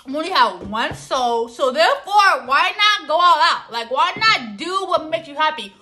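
A young woman vlogging about her New Year goals in a chatty, animated way, full of slang and asides to her viewers. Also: sits high, moderate pace. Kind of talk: casual chat to camera.

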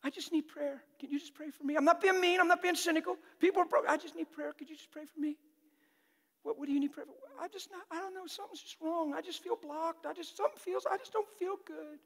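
A man putting on a soft, whiny churchgoer. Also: very high voice, fast, long reverb tail, voice pushed up. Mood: pleading. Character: weary churchgoer pleading for prayer.

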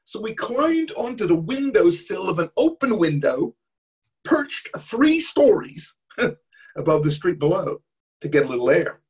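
A man's voice: high voice, lively intonation, moderate pace, a little mellow, slightly rough. A man telling an interactive story to an all-age church audience and cueing them to act along. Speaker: guest storyteller. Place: church service.

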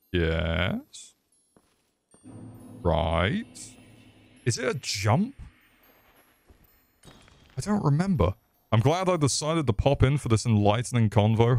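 A man's voice: medium pitch, sing-song, a little slow, long pauses, a little mellow, no echo, soft background music. A young man casually commenting on a game he is streaming, profane, rambling and jokey. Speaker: gaming streamer.

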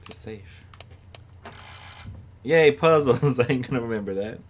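This jittery, giggly gamer talks straight to the screen as he plays a horror game, in casual let's-play style with noisy home audio. He races along in a lowish, slightly mellow voice with fairly even intonation.

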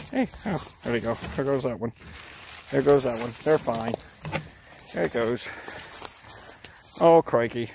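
A man's voice: mid-range voice, vocal fry, darkish tone. A man vlogging as he catches groundhogs outdoors. He exclaims constantly and coaxes the animals as he talks. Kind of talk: casual outdoor narration. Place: outdoors, yard and woods. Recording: outdoor noise behind voice.

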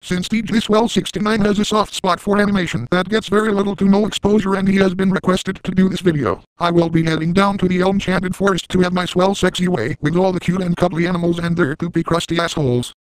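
A man's voice: sits high, fairly even intonation, fast, few pauses, no room sound, natural voice, low-quality recording. Drew Pickles, a smug crude man, as a man plays him. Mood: gleeful, crude. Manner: smug, mocking sing-song sound effects. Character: crude lecherous adult man, gleeful and shameless. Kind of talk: comedic first-person parody narration.

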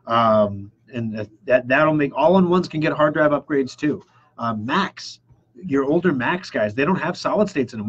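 A man with a mid-range, husky voice hosts a computer repair show as a casual live-stream chat, enthusiastically answering viewer questions and acting out customers' reactions. The recording sounds muffled.

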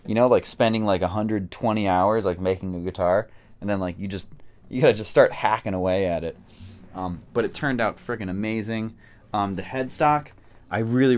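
A male guitarist chatting in a casual vlog, his voice sitting a little low. He talks in loose slang and jokes, leaping up in pitch when excited and dropping back to low asides. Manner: slangy and jokey, with big swings up and down in pitch.

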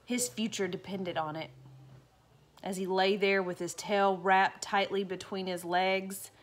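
A woman's voice: mid-range voice, steady tone, unhurried. A woman reading a picture book aloud to children, playful and chatty, stopping for asides.

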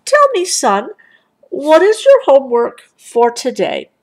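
A woman's voice: high-pitched, huge pitch swings, slow pace, pitched above the performer's own voice, full character voice. A woman voicing a stern but fair father bear in a storybook read-aloud.

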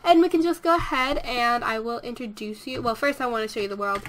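A woman chats her way through a let's play, her bright, sharp-edged voice sitting high. She rambles casually, doubles back and corrects herself mid-thought. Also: fairly quick, slight background noise. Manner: chatty, rambling, self-correcting. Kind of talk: casual gameplay commentary.

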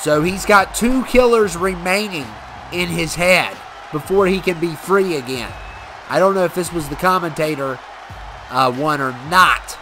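Excitable man calling a wrestling game. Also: fairly high pitch, unhurried. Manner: excitable, shouts and cheers at big moments. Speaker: gaming channel host. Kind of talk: excited play-by-play commentary over a wrestling video game. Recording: loud game crowd and noise behind.

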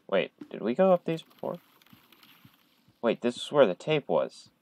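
A man on a headset at home, playing a horror game in casual commentary, jumpy and chatty with viewers, breaking into loud startled outbursts. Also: mid-range voice, wildly swooping pitch, normal speed, long pauses, no room sound, rough recording. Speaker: gamer streaming a horror game.

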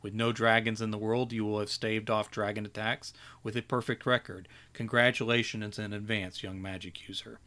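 A man's voice: lowish voice, little pitch movement, normal speed, hardly any pauses, bright, forceful tone. A man voicing a weary, jaded old male wizard who growls and lectures dismissively.

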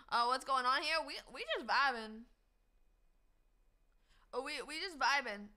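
A woman with a high, sharp, bright voice hosts a casual live stream. She is upbeat and slangy, thanking viewers one after another. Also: unhurried, long pauses.

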